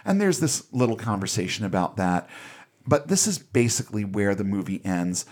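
A man's voice: on the low side, sing-song, moderate pace, darkish tone. A man casually retelling a movie's plot on a podcast, wry and offhand, with the odd swear. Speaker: podcast host recapping a film. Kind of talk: casual recap chat.

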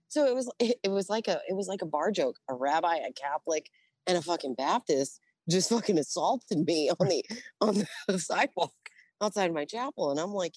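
Low, dry-voiced middle-aged woman, blunt and profane storyteller, lively quotes. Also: normal speed, no room sound. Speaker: interview guest, Navy veteran. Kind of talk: casual storytelling.

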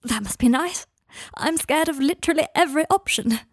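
A woman voicing a troubled, self-critical young man who speaks in a hushed, halting way, often near a whisper. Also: high voice, expressive, no room sound, studio quality, pitched above the performer's own voice. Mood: pleading.

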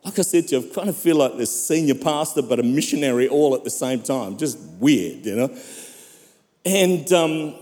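A man's voice: medium pitch, animated, normal speed, dark tone, big-room sound. A man preaching a sermon as pastor, fervent and calling out to the congregation. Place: church.

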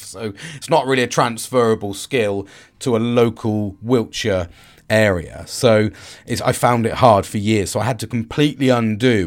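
A man with a Cockney accent hosting a podcast, talking through a personal story in a rambling, profane way with frequent restarts. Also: fairly low pitch. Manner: rambling, swears freely, restarts often. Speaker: podcast host. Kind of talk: casual personal monologue.

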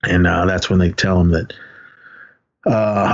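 Low and steady at a normal pace, this man's voice comes through with the highs cut off. Co-hosting a film podcast, he rambles through recaps, hesitating, leaning on fillers, and performing lines from the films.

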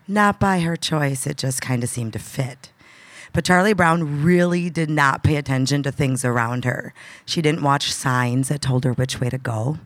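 A woman's voice: deep voice, dry recording. Woman starting a story slam piece. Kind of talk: live story slam telling.

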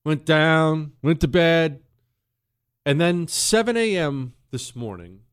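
A man's voice: on the high side, expressive, slow pace, smooth, no room sound, studio quality. Dramatic male talk radio host. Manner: dramatic storytelling, shifting between hushed and emphatic. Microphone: studio microphone.

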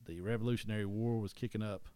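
A deep-voiced man with an East Tennessee Southern accent talks history casually, like a podcast co-host. He rambles, restarts his sentences and corrects himself as he goes. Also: steady tone, fast, warm tone, clear, resonant tone, dry recording.

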